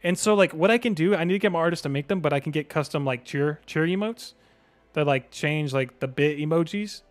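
Excitable young male game streamer. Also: a little high, fairly quick. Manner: excitable, slangy, bursts into yelling. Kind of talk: live game-stream commentary.

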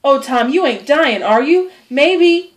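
A woman's voice: sits high, sing-song, moderate pace, voice pushed up. A woman voicing an anxious, fretful young boy who tattles in an urgent, pleading way.

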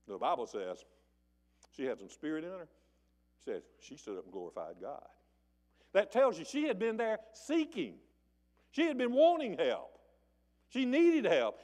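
A man's voice: a little mellow, big-room sound. A man preaching a sermon, telling the story in a folksy way and acting out the voices of the people in it. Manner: folksy storytelling, acting out voices with big swings in pitch and volume. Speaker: pastor. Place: church sanctuary.

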